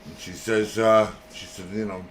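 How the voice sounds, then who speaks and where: A man's voice: lowish voice, level tone, moderate pace, slight background noise. A man hosting a podcast, telling a rambling joke and laughing along the way. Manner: rambling, laughs through the story. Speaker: podcast host. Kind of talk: casual chat, telling a joke.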